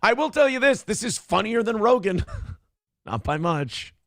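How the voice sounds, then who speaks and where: A man's voice: high-pitched, very animated, measured pace, no room sound, studio quality. A man hosting a show, mocking a clip he reacts to in casual, profane commentary.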